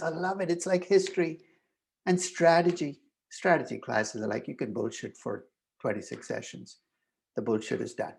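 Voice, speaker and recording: An older male professor gives an emphatic, animated university lecture in a slightly high voice with vocal fry. He thinks aloud and often restarts his sentences.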